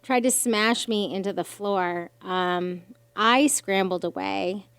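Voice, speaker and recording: Animated woman telling a harrowing story. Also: medium pitch, slow, clear, resonant tone, dry recording. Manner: animated, swears freely, acts out quoted voices. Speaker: podcast guest. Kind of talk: emotional personal storytelling.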